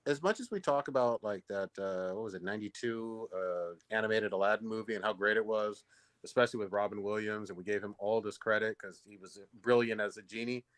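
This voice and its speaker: Profane, excited man on a podcast. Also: on the low side, fairly quick, dry recording. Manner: profane, enthusiastic, says "dude" often. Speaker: podcast co-host. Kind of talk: casual podcast chat.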